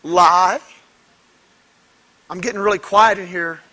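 A male pastor delivers an emphatic sermon in a very high, bright voice. He speaks slowly and deliberately and presses his points with rhetorical questions to the congregation. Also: steady tone.

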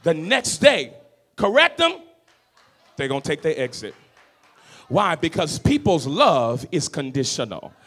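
A man preaching a sermon as pastor of a church, swinging from shouted lines to low, quiet talk. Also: wildly swooping pitch, measured pace, pauses often, husky. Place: church sanctuary.

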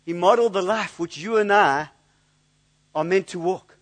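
This man, a pastor, preaches in a high-pitched voice at normal speed. His delivery is earnest and exploratory, with frequent word repetitions as he gropes for the following thought.

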